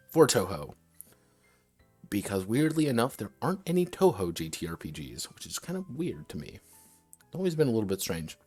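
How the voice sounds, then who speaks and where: Slightly drunk and a little slurred, a man livestreams as he works out a tabletop game, restarting sentences and correcting himself as he thinks aloud. His voice is fairly low with a darkish tone.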